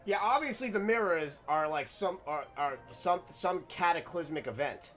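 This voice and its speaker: A young man giving casual, excitable, rambling game commentary, swearing now and then. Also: a little high, moderate pace. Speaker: game streamer. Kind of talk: casual let's-play commentary.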